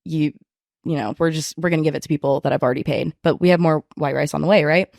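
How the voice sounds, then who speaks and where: A young woman casually telling a story from her restaurant job, animated and profane, with lots of fillers. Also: sits low, quick pace, gravelly, no echo, studio quality. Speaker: podcast guest.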